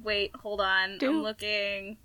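A woman's voice: medium pitch, level tone, slow pace, pushed and bright, smooth, dry recording, rough recording. A woman hosting a podcast, chatting casually and teasing with lots of giggles. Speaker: podcast host. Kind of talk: casual chat.

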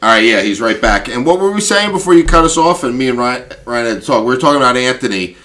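A man hosting a casual chat over a video call, telling animated stories and acting out loud quotes with frequent laughter. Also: mid-range voice, quick pace. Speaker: podcast host and youth football coach.

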